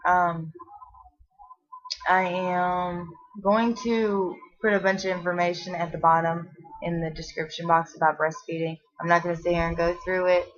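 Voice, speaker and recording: A pregnant woman in her twenties, short of breath, chatting casually in a rambling home vlog with lots of fillers and restarts. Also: fairly low pitch. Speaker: vlogger. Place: at home, seated. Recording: dull lo-fi home video audio.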